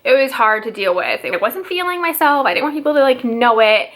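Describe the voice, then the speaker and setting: A young woman talks straight to her viewers in a casual storytime vlog. Her voice is bright and clear, and she chats freely, filling her sentences with "like" and slipping into quick quoted exchanges as she retells the conversations. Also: high-pitched, animated. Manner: chatty, lots of "like", quotes others in her own voice. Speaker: mom vlogger.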